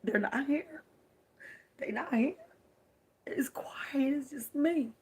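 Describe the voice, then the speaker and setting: A young woman with a Baltimore accent speaks slowly in a high, darkish voice, confiding her grief to live-stream viewers. She often sinks to a whisper, captured close up on a phone.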